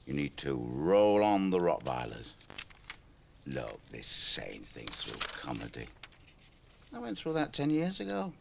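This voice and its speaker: A man's voice: a bass voice, huge pitch swings, unhurried, vocal fry, noisy background, exaggerated voice. An actor playing a cynical, middle-aged male stand-up comedian who talks in a chatty, lecturing way in a radio play. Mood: needling. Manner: chatty, lecturing, shifts into a club comedy routine. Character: aging male stand-up comic, cynical and wheedling.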